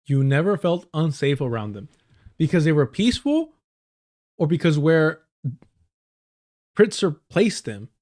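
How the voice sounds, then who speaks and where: A man's voice: on the high side, sing-song, measured pace, pauses often, a little mellow. A man streaming live and reacting to clips with profane, sarcastic commentary. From United States. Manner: profane, sarcastic, mocking voices of clip figures.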